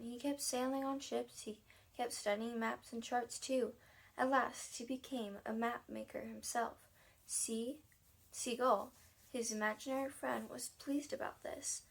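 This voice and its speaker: A woman's voice: a little high, vocal fry, rough recording. A woman narrating a children's storybook in a casual reading style with occasional restarts and asides. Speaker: audiobook reader.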